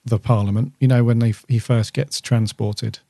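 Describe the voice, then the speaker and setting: A man's voice: mid-range voice, steady tone, normal speed, vocal fry, dark tone, no echo, studio quality. A man co-hosting a podcast, chatting casually about an episode, with a rambling delivery full of fillers and restarts. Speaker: podcast co-host. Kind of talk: casual chat reviewing an episode.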